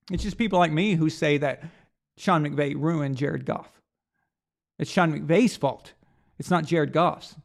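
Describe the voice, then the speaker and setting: A man's voice: a little high, creaky. A man hosting a sports reaction show, delivering a blunt, heated rant full of rhetorical questions and profanity. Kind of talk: opinionated sports commentary rant.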